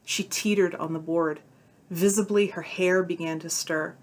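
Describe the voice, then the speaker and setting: A woman's voice: fairly low pitch, steady tone, unhurried, darkish tone. A woman reading a short story aloud, giving the dialogue its own tone. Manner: voices the characters' dialogue with shifts of tone. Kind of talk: audiobook-style story reading.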